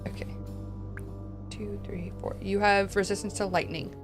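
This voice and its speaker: A woman's voice: mid-range voice, level tone, measured pace, faint music behind. A woman talking as a guest player in a tabletop game, chatty and casual.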